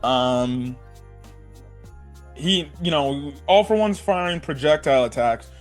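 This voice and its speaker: A young man giving a casual, excited episode review, talking in a loose run of fillers and slang. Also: on the high side, slow, faint music behind. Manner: excited fan talk, many fillers and "bro". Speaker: anime reviewer.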